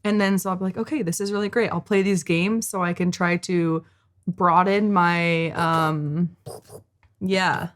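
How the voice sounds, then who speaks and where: A woman's voice: lowish voice, fairly even intonation, unhurried. Chatty American woman reacting casually. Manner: chatty, rambling, self-deprecating. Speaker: reaction video host. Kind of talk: casual chat.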